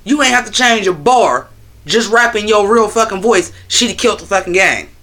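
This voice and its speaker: A man's voice: sits high, moderate pace, sharp tone. A man hosting a casual livestream on his phone, talking loosely and profanely while answering his chat. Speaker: livestream host.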